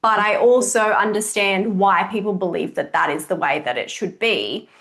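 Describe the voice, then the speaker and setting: Mid-range and moderately paced, this woman's voice carries a casual coaching podcast she hosts as a kids' jiu jitsu coach, full of expressive, animated storytelling.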